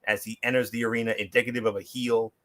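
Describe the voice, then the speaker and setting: A man's voice: mid-range voice, little pitch movement, fast talker, a bit bright. A man co-hosting a wrestling show, delivering a polished prepared review with wry, sarcastic asides. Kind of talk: prepared review read aloud.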